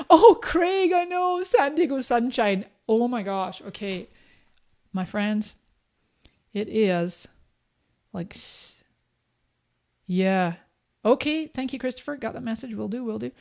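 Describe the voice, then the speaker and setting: A woman in her fifties from Canada with a Scottish accent, hosting a live-streamed software tutorial in a chatty, upbeat way and talking straight to her viewers. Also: on the high side, slow, long pauses. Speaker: host of a live social media training.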